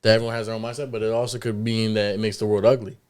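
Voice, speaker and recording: A man's voice: lowish voice, little pitch movement, very fast, smooth. A man co-hosting a casual podcast, easygoing and upbeat, often tacking "man" onto his lines. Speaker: podcast co-host. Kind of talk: casual chat.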